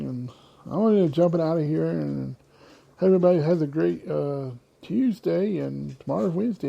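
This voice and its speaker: Gravelly man rambling on his podcast. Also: a little high, mellow, muffled recording. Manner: rambling, loses his train of thought. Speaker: podcast host. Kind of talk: casual solo podcast talk.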